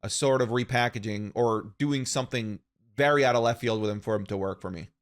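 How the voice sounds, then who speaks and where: On a laid-back wrestling podcast, a male co-host speaks briskly at medium pitch, offering rambling, opinionated views and frequently restarting his sentences.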